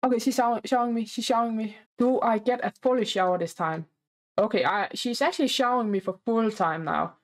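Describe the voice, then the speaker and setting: A woman's voice: a little high, fast. Chatty woman narrating gameplay as the baby. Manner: chatty, speaks as the baby character, playfully demanding. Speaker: gameplay commentator. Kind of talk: casual gameplay commentary.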